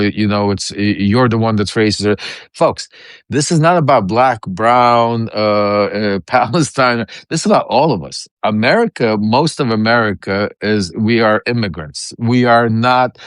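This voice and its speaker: A man's voice: fairly low pitch, smooth, no room sound, clean studio sound. A man on a live-stream political talk show, speaking with passion, repeating himself and restarting often. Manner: impassioned, repeats phrases, many fillers and restarts. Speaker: guest.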